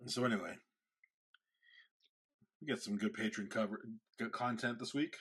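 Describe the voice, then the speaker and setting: A man's voice: lowish voice, moderate pace, slightly rough. A man in his thirties, a podcast host, telling a story in casual chat and acting out the quotes. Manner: animated storyteller, acts out quotes.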